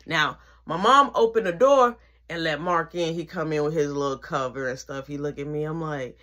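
A teenage woman telling a casual storytime, slangy and animated, with whispered asides. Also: low-pitched, normal speed.

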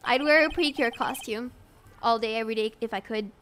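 Bubbly high-voiced woman streamer. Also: brisk, a bit bright, slight background noise. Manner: bubbly, giggly, chatty. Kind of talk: casual live-stream chat while gaming.

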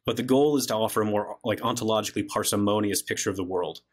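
A man's voice: fairly low pitch, quick pace, husky. A man, a guest philosopher, explaining an argument in an easygoing conversational way, often dropping in "like" as he reasons. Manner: casual, frequent "like" fillers while reasoning.

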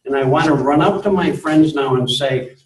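A man's voice: medium pitch, moderate pace. Earnest man giving a spiritual talk. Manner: earnest, gently insistent, repeats for emphasis. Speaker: speaker on spirituality. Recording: roomy, distant mic.

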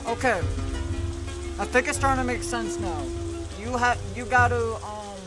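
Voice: mid-range voice, steady tone, normal speed, over music. A gaming video creator giving gameplay commentary, frustrated and swearing constantly while ranting at the game.

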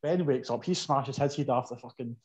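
A Scottish man telling a story in casual chat, animated and swearing freely. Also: mid-range voice, a little fast, lo-fi sound.

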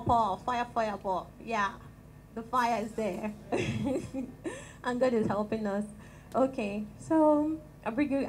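Nigerian woman with a small soft voice. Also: a little high, a little hiss or hum, low-quality recording. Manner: calm and gentle, chatty with light laughs. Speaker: guest speaker at a women's church fellowship. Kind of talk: prayer and talk to a church gathering. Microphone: handheld microphone.

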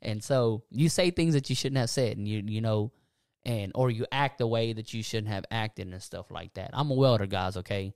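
A young man talking casually about faith and self-forgiveness on a podcast, animated and preachy, laughing often. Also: lowish voice, moderate pace, clear, resonant tone, dry recording, studio quality. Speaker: podcast co-host.

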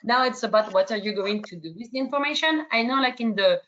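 A woman's voice: on the high side, expressive, fast, fairly bright tone, highs cut off. A woman from France with a slight French accent, moderating an online webinar Q&A in a hesitant way, full of fillers and restarts.

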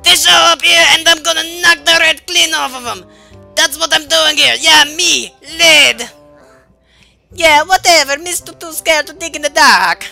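A woman voicing a brash male mole creature in a vaguely Italian put-on accent, loud and swaggering while reading game dialogue. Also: high-pitched, unhurried, faint music behind, voice pushed up, heavily acted. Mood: tough. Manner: loud, gruff, swaggering, shouty.

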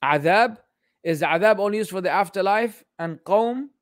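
A man's voice: sits high, animated, moderate pace, dry recording, clean studio sound. A man teaching Islamic studies in a casual livestream Q&A, joking and exasperated as he answers questions.

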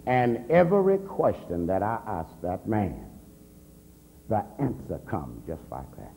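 Male minister, convention testimony, wildly animated pitch, echoing hall, faint hum. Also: slow, vocal fry. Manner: storytelling, swings from low murmur to shouting.

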